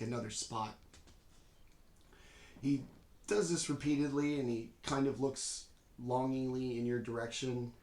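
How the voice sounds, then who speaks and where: A man runs a tabletop game as game master, with a mid-range voice. He describes scenes slowly and pauses often to find his words. The room has a noticeable echo. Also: mid-range voice. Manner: unhurried, descriptive narration with frequent pauses. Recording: echoey room.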